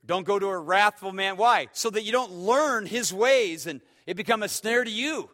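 A pastor preaching a sermon in a high, bright voice. He tells stories with energy, dropping to a hush and then rising to loud, sharp outbursts. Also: moderate pace. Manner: animated storyteller, swings between hushed and shouting.

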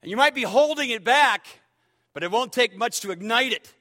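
High, bright-voiced preacher man. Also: moderate pace. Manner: animated storyteller, swings between hushed and shouting. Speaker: pastor. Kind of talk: sermon.

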